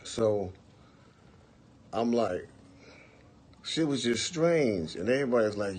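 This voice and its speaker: A man in his forties telling a long, profane story on a livestream, acting out the quotes in bursts of loud, animated talk. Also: medium pitch, unhurried, long pauses, a little hiss or hum. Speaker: livestream host. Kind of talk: casual storytelling.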